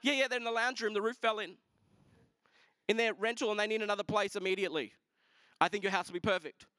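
Male pastor, lively storytelling sermon, high voice, dry sound. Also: fast, dry recording. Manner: animated storytelling, voices others in quotes. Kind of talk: sermon testimony.

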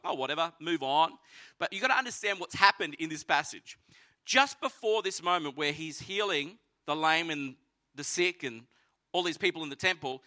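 A man preaching a sermon, telling the story with animated energy and acting out voices. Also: high voice. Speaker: pastor.

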